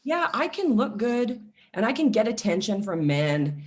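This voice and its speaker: A woman in her forties, a self-love coach, talking casually and telling personal stories with lively acted-out quotes. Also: fairly high pitch, unhurried. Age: 40s. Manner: animated storytelling, acts out quoted voices. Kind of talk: casual podcast conversation.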